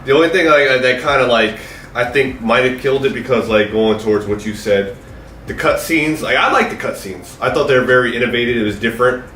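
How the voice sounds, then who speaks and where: A man's voice: mid-range voice, brisk, fairly bright tone. A man casually reviewing a movie with friends, rambling with lots of fillers. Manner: loose, rambling, many fillers. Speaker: podcast co-host. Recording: echoey room, distant mic, faint noise.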